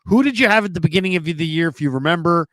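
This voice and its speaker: A man's voice: fairly high pitch, animated, a bit bright, dry recording. A man hosting a podcast, asking questions in an easygoing, casual chat. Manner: easygoing, quick affirmations. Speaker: podcast host.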